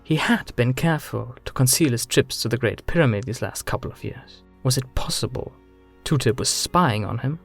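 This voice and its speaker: Man narrating a dark fantasy tale. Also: medium pitch, moderate pace, creaky. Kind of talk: dramatic fantasy audiobook narration. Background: soft music.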